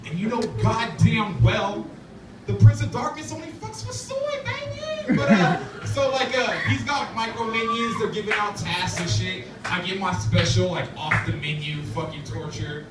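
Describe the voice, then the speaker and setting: A man doing stand-up comedy, loose and profane, his pitch swinging high and lively. He sounds roomy and set back from the mic. Heavy room noise and laughter fill the recording. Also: normal speed, over loud music. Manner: loose, profane, casual delivery with many fillers. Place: laundromat café venue. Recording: roomy, distant, noisy live recording. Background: audience laughter and room chatter.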